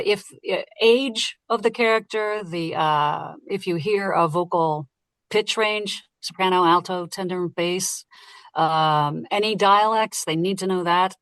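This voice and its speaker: A woman who narrates audiobooks, talking casually and lively in an interview and laughing easily. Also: fairly low pitch, no echo. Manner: lively, chatty, quick to laugh.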